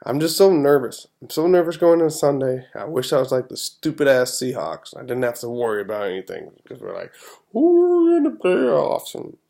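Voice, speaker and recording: A man's voice: mid-range voice, a little fast, creaky, few pauses, darkish tone. A man hosting a podcast, giving his football picks in a casual, rambling way with an exasperated fan's restarts. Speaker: podcast host. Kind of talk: casual sports-picks talk.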